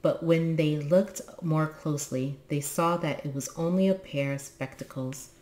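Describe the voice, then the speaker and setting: A woman reading a children's book aloud in an expressive, lively way. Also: low voice, normal speed. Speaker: storybook reader.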